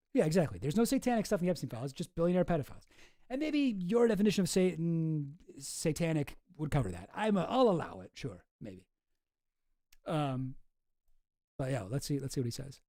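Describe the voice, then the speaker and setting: A man's voice: on the high side, warm tone, no room sound, studio quality. A man streaming, casually reacting to clips with sarcastic, rambling commentary and many restarts.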